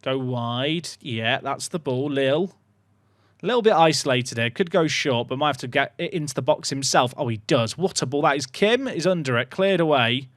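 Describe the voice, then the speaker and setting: A young man commentating his own football management game at home, chatty and excitable, shouting when goals go in. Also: mid-range voice, moderate pace, no room sound, clean studio sound. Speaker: gaming YouTuber. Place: home room.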